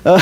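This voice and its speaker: A man's voice: very high-pitched, a bit bright, reverberant. A man preaching a sermon as pastor, conversational and joking, full of rhetorical questions. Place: church sanctuary.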